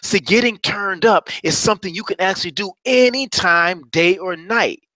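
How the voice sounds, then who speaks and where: A man's voice: high voice, normal speed, bright, forceful tone, dry recording. A middle-aged man coaching listeners on a broadcast, preaching with rising passion and repeating phrases like a mantra. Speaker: motivational coach. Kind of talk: motivational talk on a broadcast.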